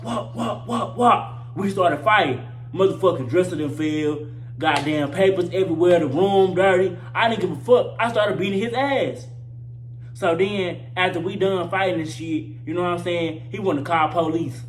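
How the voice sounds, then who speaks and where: Young male vlogger, loose profane storytelling, repeats himself for punch, slightly high voice, roomy echo. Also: fairly bright tone. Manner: profane, slangy, repeats lines for emphasis. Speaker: vlogger telling a personal story. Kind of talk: casual storytime monologue. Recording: roomy echo with faint hum.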